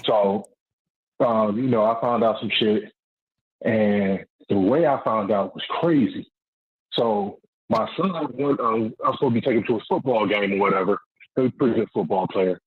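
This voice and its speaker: A man tells his story as a caller on a talk show, and he comes through a tinny, muffled phone line. His voice sits a little low and sounds husky, with a dry, close sound. He rambles and swears freely. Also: moderate pace, no echo. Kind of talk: casual storytelling on a call-in show.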